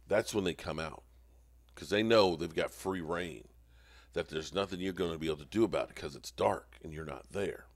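A man hosting a sports podcast with a fairly low voice, recorded dry and close. He rants with sarcastic, mock-outraged exasperation. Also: no echo.

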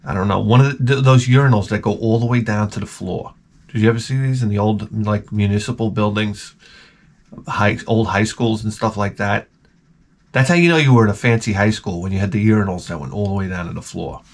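A man's voice: lowish voice, a little fast. A man hosting his own vlog, telling crude, profane stories in a rambling comic monologue. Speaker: vlog host.

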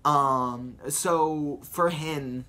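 A man's voice: on the high side, extremely slow, sharp tone. A young man chatting casually about voice impressions, rambling and explaining with many fillers. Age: young adult. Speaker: vlogger doing voice impressions. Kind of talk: casual chat.

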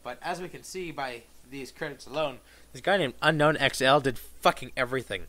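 A man commentating on his own gameplay, swearing a lot and making sarcastic, excitable remarks. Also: medium pitch, a little fast, no echo. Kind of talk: profane let's-play commentary.

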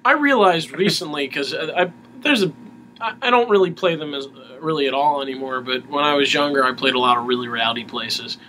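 A man with a bright, forceful voice pitched a little high chats casually as a musician guest. He talks in halting bursts and often restarts his sentences. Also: expressive, slight background noise. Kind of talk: casual interview chat.

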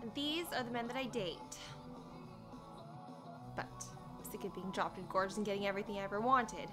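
A woman's voice: mid-range voice, brisk, music in the background. A woman comedy vlogger narrating a sketch to camera in a playful, sarcastic way. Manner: playful, sarcastic, giggly asides.

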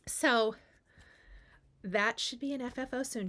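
A woman's voice: a little high, slow pace, sharp tone, a little hiss or hum. A woman hosting a cross stitch video, chatting casually and gushing over her finished pieces, repeating words for emphasis. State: has the hiccups. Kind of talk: casual show-and-tell chat.

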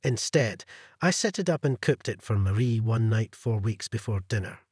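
A male narrator reading a first-person revenge story, husky and cold, with his pitch moving lively through each sentence. The voice is close and dry, with no room around it. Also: normal speed, no room sound.

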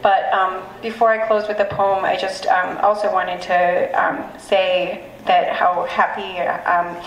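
A woman's voice: medium pitch, little pitch movement, takes it slowly, dull audio, slight background noise. A woman poet speaking hesitantly and with emotion at a live reading as she introduces her last poem. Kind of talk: live poetry reading remarks. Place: live reading event in a room. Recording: echoey room, mic at a distance, faint ambience.

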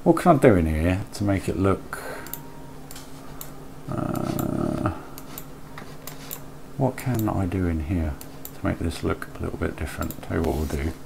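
A man's voice: low voice, brisk, vocal fry, noisy background. A man live streaming a building game, chatting casually, reading and answering his chat aloud and muttering to himself as he works.

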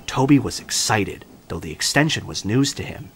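A man narrating a children's railway story in an expressive storybook style, over background music. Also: lowish voice, normal speed, slightly rough.

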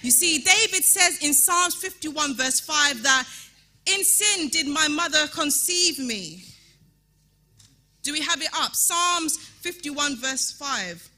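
A woman preaching a sermon in a church, emphatic and repetitive, rising at times to shouting. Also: sits high, animated, slow, soft background music. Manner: emphatic, repeats rhetorical calls, rises to shouting.

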